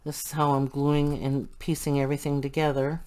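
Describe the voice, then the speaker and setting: A woman's voice: sits low, little pitch movement, moderate pace, a little mellow. An older woman chatting casually and thinking aloud as she works through a craft tutorial. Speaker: crafting channel host.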